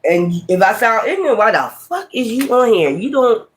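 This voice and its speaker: A man's voice: sits high, sing-song, moderate pace. A man with a Brooklyn accent doing a tarot reading, ranting profanely and combatively at his critics. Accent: Brooklyn, New York. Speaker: tarot reader. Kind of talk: casual tarot livestream rant.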